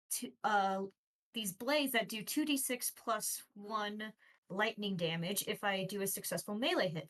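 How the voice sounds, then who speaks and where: A woman's voice: medium pitch, fairly bright tone. A woman playing a tabletop game who rambles, hesitates and giggles as she works out her moves. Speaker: player.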